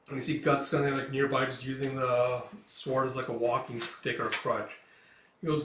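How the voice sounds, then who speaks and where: A man's voice: mid-range voice, level tone, normal speed, fairly bright tone. A man narrating a comic casually, with many fillers and reactions. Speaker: manga read-along host. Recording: roomy echo, distant mic.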